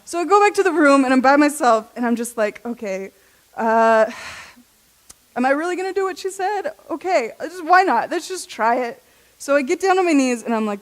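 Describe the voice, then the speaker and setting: A woman's voice: sits high, lively intonation, normal speed. A young woman giving a personal testimony at a youth church service, chatty and self-deprecating, laughing often and saying "like" a lot. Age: young adult. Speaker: junior high intern giving a talk.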